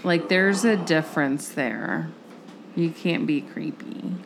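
A woman's voice: deep voice, slow pace, slight background noise. A woman in casual chat, teasing the others with dry quips.

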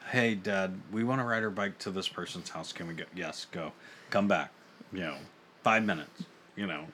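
A man's voice: low-pitched, moderate pace, sharp tone, slight background noise. A man in his thirties co-hosting a casual podcast, laughing often and talking in a playful way. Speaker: podcast co-host. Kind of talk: casual chat.

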